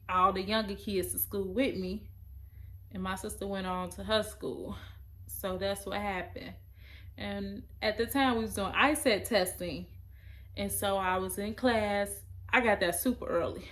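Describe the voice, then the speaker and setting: A young adult woman tells a personal story in casual speech. Her delivery is emotional and halting, and her voice sits at a middle pitch. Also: a bit bright.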